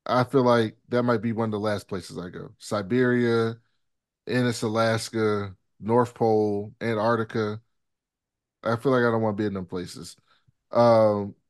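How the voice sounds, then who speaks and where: A man co-hosting a casual podcast recap of a TV episode, laid-back and profane, retelling scenes with quoted dialogue. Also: medium pitch. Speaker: podcast co-host.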